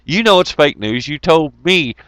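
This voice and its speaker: A smug, dismissive male talk-show host delivers a sarcastic pitch, as a man mimics him. The voice comes through a dry, close mic. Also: sing-song, moderate pace, a bit bright, smooth, no room sound. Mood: mocking. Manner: sarcastic, sales-pitch mockery.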